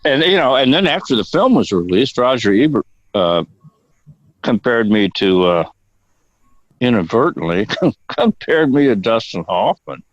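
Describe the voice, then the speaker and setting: A man's voice: mid-range voice, sing-song, a little slow, dry recording. An older man telling stories as an interview guest, rambling off on digressions and swearing casually. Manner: rambling and profane, prone to digressions. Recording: dull, dry lo-fi audio.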